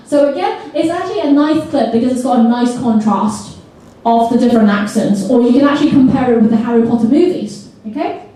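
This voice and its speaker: A woman leading an interactive seminar for teachers. She talks in a lively way, puts questions to the audience and mimics accents. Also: high-pitched, brisk. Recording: echoey hall from far off.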